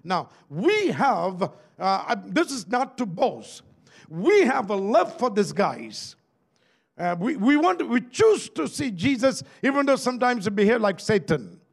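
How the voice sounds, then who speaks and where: Pastor preaching a sermon, Malaysian accent, high voice with big swings, keeps asking the crowd for amen. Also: male voice, big pitch swings, measured pace, vocal fry. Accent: Malaysian English. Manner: preachy, calls out for amen and asks the crowd questions.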